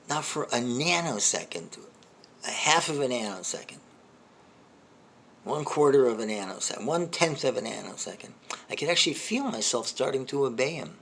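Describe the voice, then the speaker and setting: A man's voice: mid-range voice, big pitch swings, moderate pace, fairly bright tone, breathy edge. An older man and comedy host telling a long personal story in a rambling, self-deprecating way, with many restarts and asides. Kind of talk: storytelling monologue.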